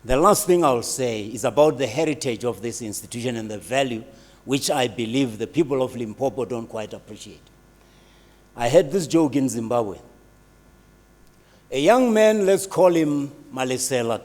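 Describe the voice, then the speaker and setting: An older man giving a speech and telling jokes in a storytelling way. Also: medium pitch. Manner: storytelling, animated with voices. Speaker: university alumnus speaker. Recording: reverberant hall.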